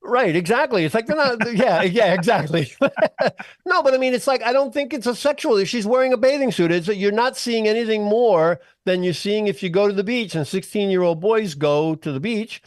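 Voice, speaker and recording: A man's voice: sits high, normal speed, dry recording, studio quality. A man co-hosting a casual comedy podcast, laughing often and telling stories. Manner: laughs often, animated asides. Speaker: podcast co-host.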